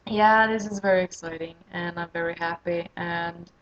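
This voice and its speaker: A tired woman from Sweden, an English speaker, rambling excitedly and self-deprecatingly as she introduces her gaming channel in a casual solo vlog. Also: lowish voice, moderate pace, lo-fi sound.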